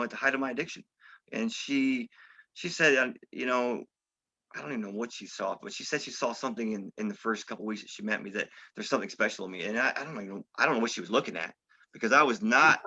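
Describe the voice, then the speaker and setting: A man's voice: medium pitch, fast talker, bright, forceful tone. A middle-aged man giving an interview about his past, talking casually with lots of "you know" and "okay?" and some street slang. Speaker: interview guest. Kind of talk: candid recovery story. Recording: slightly dull, lo-fi audio.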